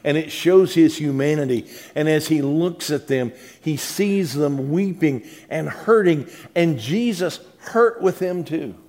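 Conversational preacher, slightly high voice. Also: male voice, expressive, measured pace, few pauses. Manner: conversational preaching, repeats words, swings from soft to emphatic. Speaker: pastor. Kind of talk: sermon.

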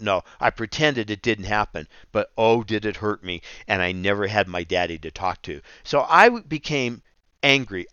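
A middle-aged man preaching his own life story with earnest emphasis and halting repeats. His voice is smooth and resonant, with nothing odd about its pitch. The audio is dry and a bit dull and lo-fi. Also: sharp tone, no room sound. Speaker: Christian speaker. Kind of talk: personal testimony sermon.

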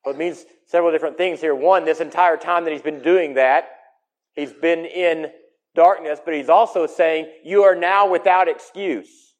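A man preaching a sermon in an emphatic way, his voice swinging between loud and soft. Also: on the high side, steady tone, normal speed.

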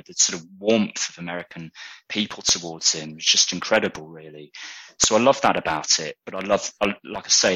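Deep husky-voiced British man. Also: sharp tone, dry recording, rough recording. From Britain. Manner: thoughtful, with frequent restarts. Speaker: interview guest. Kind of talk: casual conversational interview.

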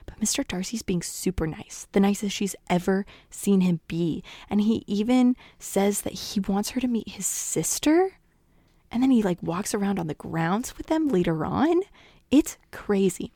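A woman's voice: medium pitch, animated, normal speed, mellow, no echo, studio quality. A woman casually retelling a story in a chatty way, full of asides to listeners. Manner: chatty, full of "like" and "you guys".

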